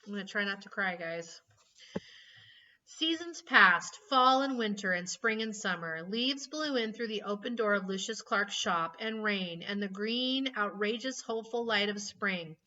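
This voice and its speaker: A woman reading a children's book aloud in an expressive, emotional way. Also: medium pitch, unhurried, hardly any pauses, a little hiss or hum. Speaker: reader. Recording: slightly distant, dull lo-fi mic.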